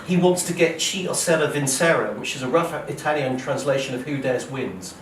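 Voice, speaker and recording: A man's voice: medium pitch, animated, normal speed. Man telling a war story in a hall. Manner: dramatic, acts out quoted speech, frequent "okay?" and "right?". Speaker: author giving a public talk. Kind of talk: lively storytelling lecture. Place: lecture hall at a museum. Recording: roomy hall, voice from a distance, faint noise.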